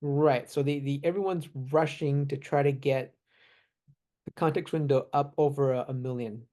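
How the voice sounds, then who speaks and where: A man in casual chat, relaxed, explaining technical points with examples and small laughs. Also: medium pitch, normal speed. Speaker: AI expert guest.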